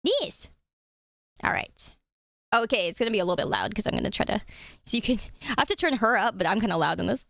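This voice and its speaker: A woman's voice: mid-range voice, lively intonation, fast talker, vocal fry, pauses often, a bit bright, no room sound, studio quality. A woman streaming live, chatting casually and giggling often, with a casual habit of swearing.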